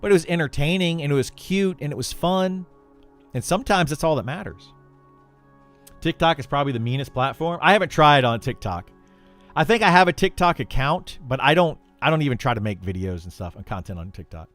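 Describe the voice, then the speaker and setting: Animated, ranting gamer man. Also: on the high side, a little fast, soft background music. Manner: animated ranting, exasperated, laughs often. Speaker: gaming content creator. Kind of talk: casual livestream chat.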